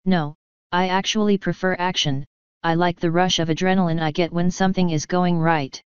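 A woman's voice: on the low side, steady tone, moderate pace, clean tone, no room sound, lo-fi sound, natural voice. A woman voicing a tough female griffon mercenary who talks in a blunt, offhand way, in a storybook reading. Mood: defensive.

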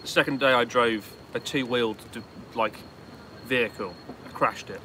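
Man, British accent, dry teasing banter, tense bright voice, casual chat. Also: mid-range voice, normal speed, a little hiss or hum. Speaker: guest. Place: outdoors on city streets at night.

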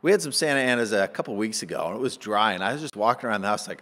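A male pastor giving a conversational sermon, animated and acting out little asides. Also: on the low side, rapid-fire. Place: church sanctuary. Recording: church hall with long reverb.

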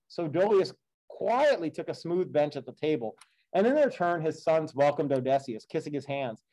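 A male teacher reads an epic poem aloud and slips into casual, chatty asides to explain it. His voice sits a bit high for a man but sounds mellow and relaxed. The asides are loose and conversational, full of fillers. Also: moderate pace, low-quality recording. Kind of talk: read-aloud with classroom commentary.

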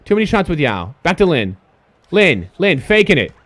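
A young man streaming a basketball video game, yelling and swearing loudly at the players as he commentates. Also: fairly high pitch, sing-song, moderate pace. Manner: loud, profane, yelling at the game. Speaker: gaming streamer. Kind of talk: excited gameplay commentary.

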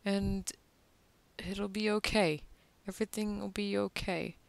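A woman speaks in a mid-range, creaky voice with fairly even intonation, a little slowly and with no room sound. Drunk and drawing on camera as an artist vlogger, she rambles casually, slurs, curses often and trails off into murmurs.

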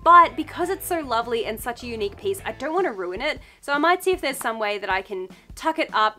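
A woman's voice: on the high side, sharp tone. A young woman with an Australian accent chatting through a clothing haul in a bubbly, gushing, playful way. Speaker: fashion vlogger. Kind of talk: casual thrift haul chat.

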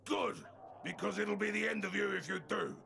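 A man voicing a disguised fixer who puts on a bossy English gentleman act in a video game, with a put-on English accent. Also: high voice, steady tone, moderate pace, pitched above the performer's own voice, heavily acted. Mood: gruff. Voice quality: gravelly, bossy, barking orders. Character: disguised male fighter-fixer posing as a gruff English gent.

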